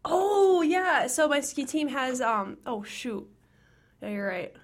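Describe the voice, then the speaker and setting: A young woman co-hosting a podcast in casual chat, bubbly and excitable, often giggling. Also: high-pitched, takes it slowly. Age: young adult. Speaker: podcast co-host.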